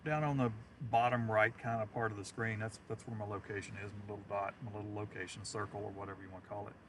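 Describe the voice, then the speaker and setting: A man's voice: on the low side, little pitch movement, quick pace, noisy background. Chatty storm-chasing man in a car. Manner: chatty, rambling storyteller who chuckles often. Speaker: storm chaser streaming live. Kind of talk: casual live-stream chat.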